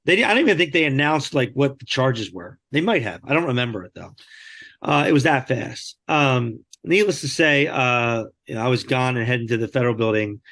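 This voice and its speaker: A man's voice: mid-range voice, a little fast. A man, a podcast guest, telling a story animatedly and acting out quoted lines. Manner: animated, acts out quoted dialogue. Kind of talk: storytelling in conversation.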